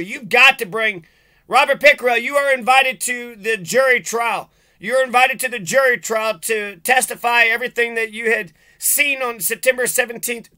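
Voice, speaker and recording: A man's voice: very high-pitched, bright, forceful tone. A man giving an agitated, profane, sarcastic rant in video commentary. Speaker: vlogger.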